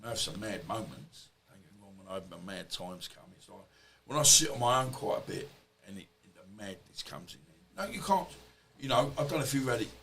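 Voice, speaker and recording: A man's voice: lowish voice, lively intonation, brisk, creaky, hardly any pauses, fairly bright tone, rough recording. Rambling man telling stories. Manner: rambling, swears freely, acts out quoted dialogue. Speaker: podcast guest. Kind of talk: casual storytelling interview.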